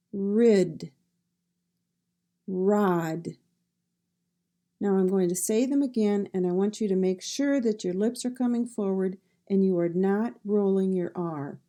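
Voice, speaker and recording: Slow, mellow-voiced woman pronunciation teacher. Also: medium pitch. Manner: careful, drawn-out model sounds and repeated drills. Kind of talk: slow instructional pronunciation lesson.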